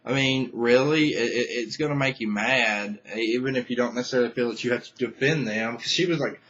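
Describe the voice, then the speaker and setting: A man's voice: mid-range voice, a little fast, fairly bright tone, dull audio. A young man venting to camera in a casual vlog rant, angry and profane, rambling with many restarts. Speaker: vlogger.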